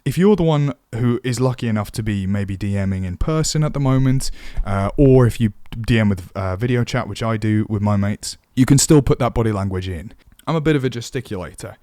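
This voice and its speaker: A man's voice: on the low side, fairly quick, hardly any pauses, warm tone, no echo, clean studio sound. A man teaching voice acting for tabletop games, chatty and self-deprecating. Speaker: dungeon master teaching voice acting. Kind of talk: casual tutorial.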